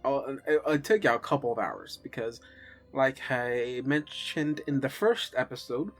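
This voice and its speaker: Man, game master, casual tabletop narration, mid-pitched voice, lots of uhs, faint music behind. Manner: relaxed, halting with many fillers.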